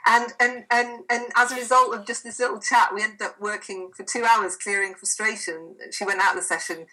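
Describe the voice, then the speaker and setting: A woman's voice: medium pitch, fairly quick, bright, forceful tone, rough recording. A woman, a therapist, speaking as a guest in a podcast interview, enthusiastic and emphatic as she retells sessions with clients. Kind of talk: conversational interview.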